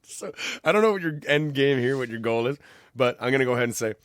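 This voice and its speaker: Fast-talking teasing young man. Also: medium pitch, lively intonation, no echo, studio quality. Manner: quick, teasing, playful. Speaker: podcast co-host. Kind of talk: casual chat.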